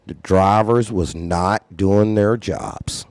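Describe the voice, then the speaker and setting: A man's voice: low voice, takes it slowly, darkish tone, dry recording. A man who runs a trucking company, candidly telling a story in a blunt, profane way and repeating phrases for emphasis. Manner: acts out others' lines in raised voice.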